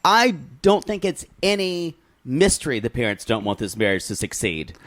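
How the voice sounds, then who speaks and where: A man co-hosting a podcast in casual chat, talking with animated swings and restarts. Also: moderate pace. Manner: animated, jumps into high mimicking voices. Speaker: podcast co-host.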